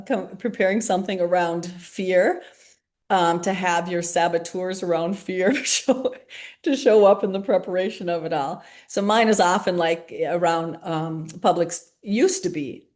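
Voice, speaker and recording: Workshop facilitator, woman, lowish voice, warm candour, laughs as she talks. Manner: gentle, candid, laughs often while talking. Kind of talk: reflective group workshop talk.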